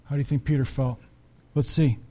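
A man's voice: medium pitch, fairly even intonation, fairly quick, warm tone. A man preaching a conversational sermon, asking his listeners questions and acting out the voices in the story. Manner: conversational, acts out the Bible voices, asks the audience questions. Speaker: pastor.

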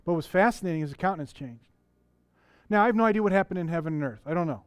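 Speaking rapid-fire in a church, a middle-aged pastor preaches in a relaxed, conversational manner, frequently restarting sentences and questioning the congregation. His voice is a little high for a man, with a clean tone. The sound is dry and close, with little room echo.

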